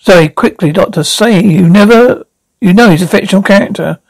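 A man reading as a brisk, clever young woman. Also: high voice, creaky, rough recording. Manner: brisk and matter-of-fact.

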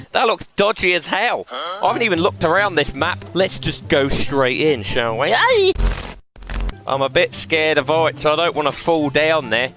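A man giving excitable, joking gameplay commentary as host of his own channel, laughing often and playing around with his lines. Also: sits high. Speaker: gaming host. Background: background music.

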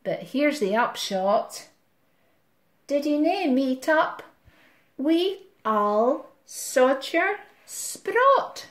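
A Scottish woman telling a rhyming story to children while drawing, gentle and rhythmic, with soft asides. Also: sits high, roomy sound. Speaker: music tutor.

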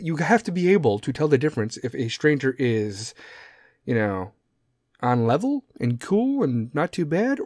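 A middle-aged man hosts a solo podcast, ranting casually, swearing a lot and wandering off on tangents. His voice sits high and is a little mellow. The recording is dry and studio quality.

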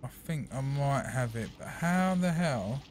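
A man commentating a video game as he plays, chatty and excitable, talking to the game as he goes. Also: mid-range voice, a little slow, slight background noise. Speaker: gaming channel host. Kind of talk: gameplay commentary.

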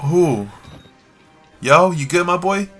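A man doing let's play commentary on a horror game, swearing constantly in slang and yelling when he panics. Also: sits high, expressive, takes it slowly, soft background music. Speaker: gamer playing a horror game.

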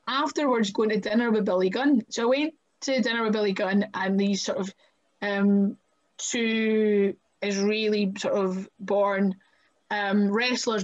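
A woman with a Scottish accent telling stories as a wrestler guest on a podcast, chatty and animated, often laughing and saying "like" and "right?". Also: medium pitch. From Scotland. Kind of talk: casual storytelling interview. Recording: muffled lo-fi audio.

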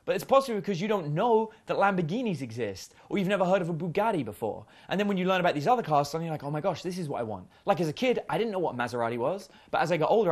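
Lively chatty man coaching. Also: a little high. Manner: chatty, uses many fillers and acted quotes. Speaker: dating coach. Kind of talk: casual seminar talk.

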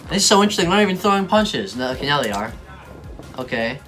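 A man's voice: a little high, sing-song, fast talker, fairly bright tone, soft background music. A young man giving casual reaction commentary, slangy, mocking and easily exasperated. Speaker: video reactor.

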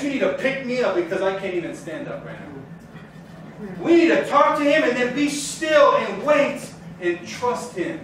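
Fired-up preacher guy, high voice, lots of echo, mic way across the room. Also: sing-song, normal speed, a little hiss or hum. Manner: fervent, preaching with rising intensity. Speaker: Torah teacher. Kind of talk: sermon. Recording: very echoey room, mic far off.

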